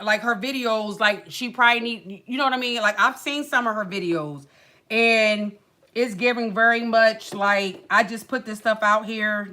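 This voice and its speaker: Brief: woman livestream host, bright tone, chatty venting with lots of acted quotes. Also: mid-range voice. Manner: animated, colloquial storytelling with acted quotes and sighs. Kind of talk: casual chat, venting story.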